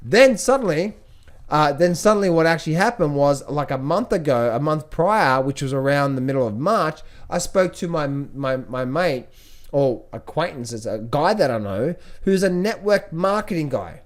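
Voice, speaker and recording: A man coaching viewers on trading in a casual, energetic talk, often repeating himself and restarting his sentences. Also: on the high side, normal speed.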